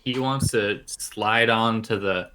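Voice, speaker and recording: A man's voice: lowish voice, slow pace, background noise. A man co-hosting a casual book podcast, joking wryly and reading chapter summaries. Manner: wry, joking. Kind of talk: casual book-club chat.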